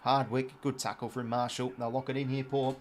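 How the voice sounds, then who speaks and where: An Australian man hosting a live watch-along, calling the play as it happens, getting excited on big plays and chatting to his viewers in between. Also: mid-range voice, brisk. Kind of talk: live play-by-play commentary over a match.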